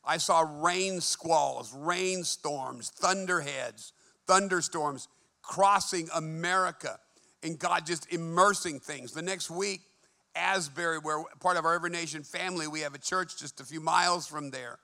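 Gravelly, bright-voiced male preacher. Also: on the high side, unhurried. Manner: fervent preaching, swinging between hushed and emphatic. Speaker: pastor. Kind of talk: sermon. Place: church.

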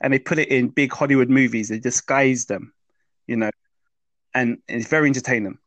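A man's voice: medium pitch, fairly even intonation, a little fast, a bit bright, dry recording, muffled recording. Man explaining, dry close sound. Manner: explanatory, checks in with "yeah?" and "does that make sense?". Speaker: mindset teacher. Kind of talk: interview explanation.

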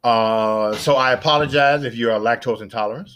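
Speaking a little fast in a smooth, medium-pitched voice, a middle-aged podcast host chats and rambles on his own casual show. He tends to repeat himself and breaks into excited exclamations.

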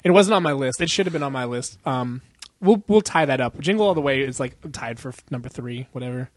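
A man's voice: mid-range voice, lively intonation, fairly quick, no room sound. A young man co-hosting a podcast in casual chat, rambling and profane, laughing often and acting out quotes. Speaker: podcast co-host.

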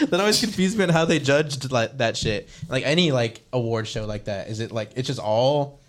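A man's voice: medium pitch, animated, moderate pace, hardly any pauses. A man co-hosting a podcast in casual chat, laughing often, swearing freely and trailing off with "like". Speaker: podcast co-host.

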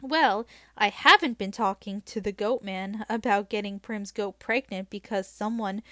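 A woman reading aloud in the voice of a blunt, exasperated teenage girl hunter, with sharp, annoyed retorts. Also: mid-range voice, a little slow, no echo, studio quality. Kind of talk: read-aloud audiobook dialogue.

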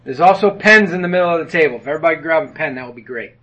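A man's voice: a little high, expressive, very fast, fairly bright tone, highs cut off. Joking man leading a men's group. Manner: folksy and joking, with many fillers. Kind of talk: casual meeting address. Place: meeting room with tables.

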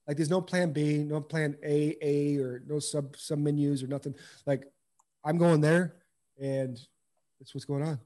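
A man's voice: fairly high pitch, fairly even intonation, measured pace, mellow. A middle-aged man, a former pro ballplayer, telling his story in an interview with earnest, impassioned repetition. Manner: earnest, impassioned, repeats phrases for emphasis. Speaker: guest, former pro baseball player.

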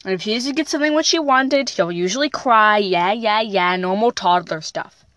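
A woman's voice: on the high side, lively intonation, fairly quick, a bit bright, no echo. A woman hosting her own podcast, telling a personal story in a plain, unpolished way with occasional restarts. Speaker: podcast host.

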